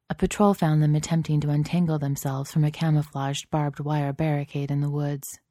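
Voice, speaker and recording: A woman reading a story aloud as narrator, in a dry, even storytelling manner. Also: low voice, dry recording. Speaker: audiobook narrator. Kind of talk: scripted narration.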